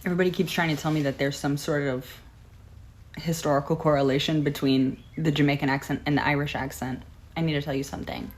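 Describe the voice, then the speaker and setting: A woman's voice: sits low, steady tone, fast. A young woman in a casual comedic vlog, sarcastic and joking. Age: young adult. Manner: sarcastic, joking, laughs often.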